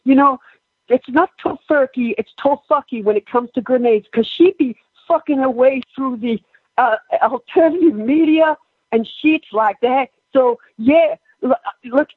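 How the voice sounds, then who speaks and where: A man putting on a high, half-man half-woman voice of a brash Southern woman caller with a put-on Southern accent. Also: slightly rough, dry recording. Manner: brash, crude, rambling. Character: sassy loud-talking Southern woman caller. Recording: tinny phone line.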